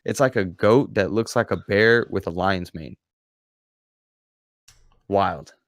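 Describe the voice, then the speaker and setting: A man guesting on a casual podcast, excitable and chatty, peppering his talk with dude and man. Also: low voice, slow, dry recording. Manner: excitable storyteller, says man and dude a lot. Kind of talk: casual chat.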